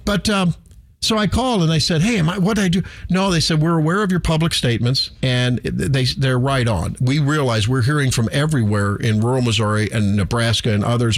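A middle-aged man hosting a talk radio show, rambling animatedly with self-deprecating asides. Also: medium pitch. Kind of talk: casual talk radio monologue. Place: radio studio.

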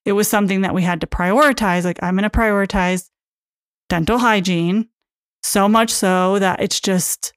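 A woman's voice: medium pitch, fairly even intonation, normal speed, no room sound, studio quality. A woman hosting a casual solo podcast as a coach, chatty and full of fillers, acting out her own inner thoughts.

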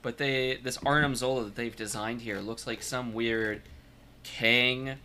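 A man's voice: mid-range voice, fairly even intonation, measured pace, pushed and bright, a little hiss or hum. A man co-hosting a comic book podcast, chatting casually and trailing off as he thinks aloud. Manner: musing, trails off mid-thought. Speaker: podcast co-host. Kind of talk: casual chat.

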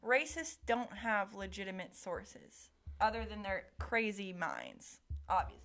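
A woman making wry jokes and quick asides in casual podcast chat. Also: mid-range voice, very animated, a bit bright.

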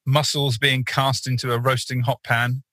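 A man's voice: medium pitch, little pitch movement, normal speed, sharp tone, no echo, rough recording. A man co-hosting a podcast, telling a rambling story in casual chat with many fillers and restarts. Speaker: podcast co-host.

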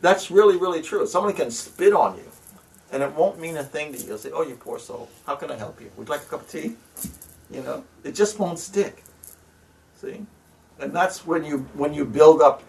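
A man speaking earnestly and casually about prayer, halting often and breaking into soft laughs. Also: mid-range voice, far from the mic. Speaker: spiritual practitioner sharing advice. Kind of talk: casual reflective talk.

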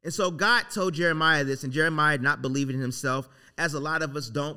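Bright-voiced excited man preaching. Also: fairly high pitch, brisk, hardly any pauses, clean tone. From Southern California. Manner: rambling, excited, repeats "like" and "literally". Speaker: podcast host. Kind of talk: casual motivational talk.

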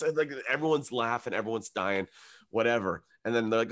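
Man, young adult, comedian, animated storytelling, profane, mid pitch. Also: fast. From Canada. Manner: animated, profane storytelling, acts out his own and others' lines in a raised voice. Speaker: comedian guest. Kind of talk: storytelling on a podcast.

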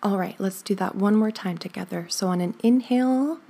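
A woman leading a guided breathing exercise, counting slowly and softly with gentle, encouraging words. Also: medium pitch, creaky, husky. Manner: slow, soothing counting with soft whispered stretches; gentle encouraging asides with light laughs. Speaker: breathing instructor.

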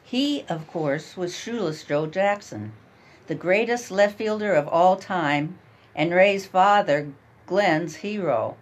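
A woman's voice: lowish voice, takes it slowly, rough recording. Woman narrating a story.

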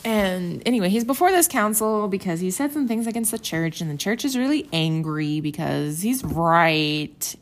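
Chatty young woman, slightly low voice. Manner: chatty, animated, acts out quotes with gasps and whispers. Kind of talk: casual scripture commentary.

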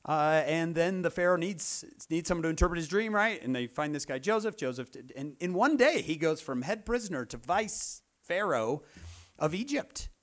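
A man's voice: on the high side, animated, normal speed. A man giving a humorous sermon, telling a story and acting out the characters' lines. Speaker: speaker at a church meeting.

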